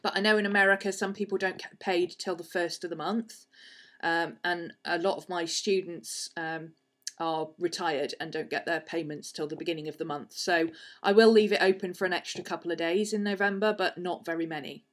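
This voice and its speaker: A woman's voice: lowish voice, fairly even intonation, fairly quick. A woman hosting a casual live stream from her desk at home, congested with a sniffly head cold and chatting in a rambling way. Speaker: livestream host and art teacher.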